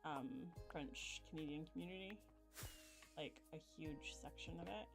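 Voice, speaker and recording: A woman chats casually while she plays a video game, wandering through her explanations and filling the gaps with "um." Her voice sits low for a woman. Game music plays clearly behind her. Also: moderate pace, low-quality recording. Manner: rambling, explains with many fillers. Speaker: gaming channel host. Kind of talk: casual gameplay chat.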